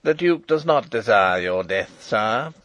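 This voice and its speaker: A man's voice: lowish voice, lively intonation, a little slow, a bit bright, no room sound. A man doing a harsh, grating English jailer. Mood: sneering. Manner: sneering, mocking.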